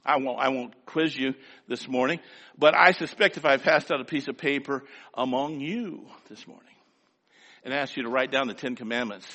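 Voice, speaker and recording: A man's voice: medium pitch, moderate pace, sharp tone, long reverb tail. An older man preaching a sermon in a folksy, rhythmic way, with lots of repetition. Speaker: pastor.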